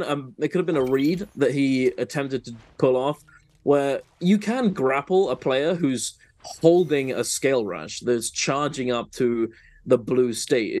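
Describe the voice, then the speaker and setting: A man doing esports color commentary, chatty and explanatory, with a wry, sarcastic streak and plenty of fillers. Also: medium pitch.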